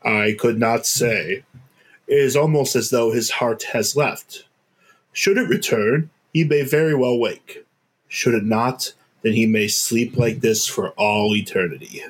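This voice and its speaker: Guy putting on a grave old wizard, deep and distinguished, slow solemn delivery, fan game read. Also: husky. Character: old wise male wizard, calm and grave.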